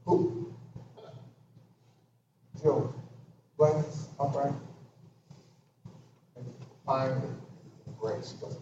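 A man preaching a sermon with great emphasis, swinging from loud exclamations to hushed near-whispers. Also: medium pitch, little pitch movement, slow pace, pauses often. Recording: echoey hall, distant dull mic with noise.

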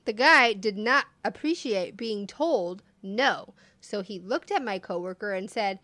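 Woman telling funny stories real slow, laughs a lot, dry close sound. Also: medium pitch, lively intonation, sharp tone, dry recording. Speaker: podcast co-host telling stories. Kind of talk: casual storytelling chat.

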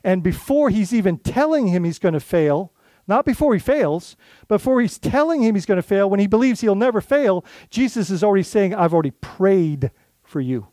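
A man's voice: high-pitched, animated, fairly quick, mellow, no echo. A man who is a lead pastor, giving an earnest, conversational sermon full of restarts and asides.

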